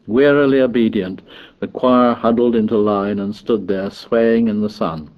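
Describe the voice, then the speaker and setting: A man narrating a novel in a measured, even storytelling voice. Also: fairly low pitch, highs cut off. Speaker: audiobook narrator.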